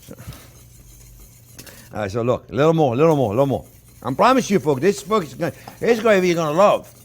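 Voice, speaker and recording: Chatty French-accented chef, lively pitch. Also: male voice, fast talker. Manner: chatty, repetitive, talks to viewers as friends. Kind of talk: cooking demonstration. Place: kitchen.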